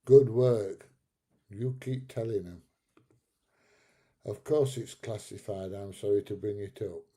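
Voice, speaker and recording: A man's voice: on the low side, steady tone, takes it slowly, mellow, breathy edge. A man in his seventies hosting a live stream, reading out chat comments and bantering back at trolls with frequent laughs. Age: 70s. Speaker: livestream host reading chat.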